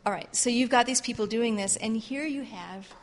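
Fervent woman Bible teacher, fairly high voice, long hall reverb. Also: moderate pace. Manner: fervent, repetitive, animated. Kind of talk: sermon-style class teaching.

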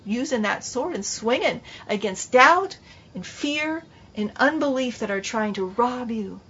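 A woman's voice: on the high side, slightly rough. A woman Bible teacher giving an emphatic, repetitive sermon-style class. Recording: dull lo-fi recording.

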